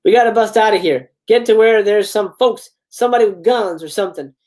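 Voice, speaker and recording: A man voicing a large, crude rural truck driver who talks in a slow drawl, reading a script aloud. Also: high-pitched, darkish tone, lightly acted. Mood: gruff, urgent. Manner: slow Southern-style drawl.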